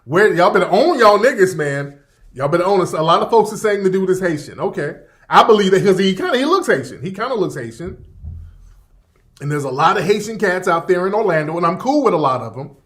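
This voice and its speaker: A man with a notably high voice for a man rants casually on a livestream. He is emphatic and profane, hammering the same points again and again. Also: very animated, a little fast, a bit bright. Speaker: livestream commentator.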